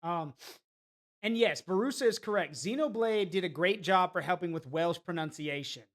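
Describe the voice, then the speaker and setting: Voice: mid-range voice, moderate pace. A streamer in casual gameplay commentary, rambling, chatty and opinionated. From United States.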